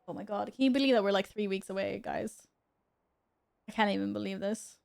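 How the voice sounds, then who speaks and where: A woman's voice: mid-range voice, brisk, vocal fry, darkish tone, clean tone. A young woman chatting casually with her viewers while gaming at home, giggling and talking to her cat. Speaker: streamer. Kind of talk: casual gaming stream chat.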